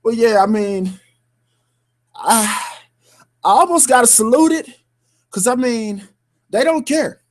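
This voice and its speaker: A man's voice: very high voice, lively intonation, slow, pauses often. A man co-hosting a sports radio show, ranting heatedly in slang-filled talk with bursts of laughter.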